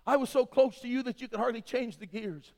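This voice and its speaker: A man's voice: very high voice, brisk, gravelly, darkish tone, pitched above the performer's own voice. A man voicing a hurt middle-aged wife who pleads with her husband in a raised, rising voice. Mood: wistful. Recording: long hall reverb.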